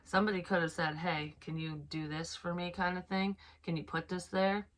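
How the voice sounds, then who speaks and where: A woman giving an unscripted psychic reading, soft and hesitant, thinking aloud with many restarts and casual swearing. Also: fairly low pitch, little pitch movement, normal speed. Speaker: psychic medium.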